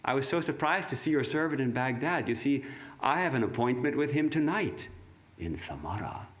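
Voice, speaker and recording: A man voicing Death as a polite, calm male spirit who speaks mildly and courteously. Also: mid-range voice, moderate pace, background noise, voice pushed up, close to an everyday voice. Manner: mild, courteous, gently surprised.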